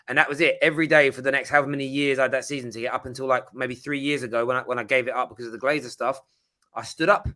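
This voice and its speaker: A young English man, a guest on a podcast, chatting casually and with energy, often restarting his sentences. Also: mid-range voice. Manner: animated, quick-talking, lots of restarts. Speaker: podcast guest, rival club fan. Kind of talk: casual chat.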